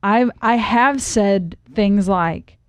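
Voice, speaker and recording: A young woman co-hosts a casual podcast, thinking things through aloud and frequently restarting her sentences. Her mid-range voice is smooth with drawn-out words, recorded in a clean studio with no room sound.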